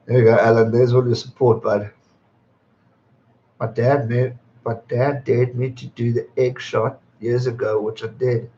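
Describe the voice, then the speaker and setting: A man's voice: medium pitch, flat delivery, unhurried, dark tone, a little hiss or hum. Laid-back young man on a stream. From England. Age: 20s. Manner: chatty and laid-back, swears freely and laughs often. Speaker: streamer hosting his birthday livestream. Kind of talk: casual live-stream chat, reading out viewer comments. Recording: slightly dull lo-fi stream audio.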